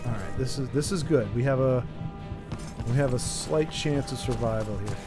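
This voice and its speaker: A man streaming a video game, giving live commentary in an excitable way and taunting the enemies aloud. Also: medium pitch, moderate pace, over music.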